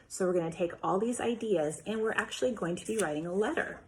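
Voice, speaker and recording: A woman teacher, probably in her thirties, giving a remote lesson to young children, patiently and clearly sounding out letter sounds. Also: medium pitch, fast talker, darkish tone. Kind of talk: remote phonics and writing lesson.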